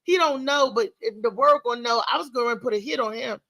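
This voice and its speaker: A middle-aged woman talk show host with a high, bright voice tells a candid story with emphatic, animated energy. Her voice is close and dry, with no room sound. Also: a little fast, gravelly, no echo, low-quality recording.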